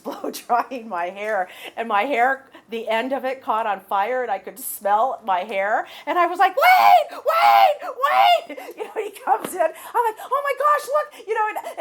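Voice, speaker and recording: A middle-aged woman lecturing a class in a chatty, animated way, laughing as she tells stories. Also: sits high, a little hiss or hum. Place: lecture room.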